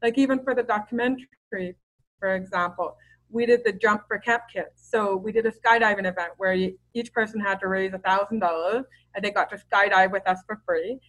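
A woman's voice: mid-range voice, fairly even intonation, brisk, a bit bright, rough recording. A middle-aged woman as a podcast guest, talking openly and chattily with lots of fillers and restarts. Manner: open, chatty storyteller with many fillers and restarts. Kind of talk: casual interview conversation.

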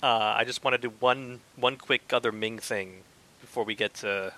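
A man co-hosting a casual movie podcast, animated and quick to laugh. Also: medium pitch, dry recording.

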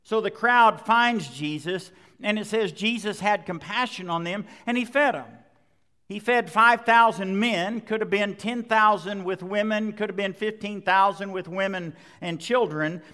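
Male pastor, high voice, emphatic conversational preaching, long hall reverb. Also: a little slow, sharp tone. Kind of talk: sermon.

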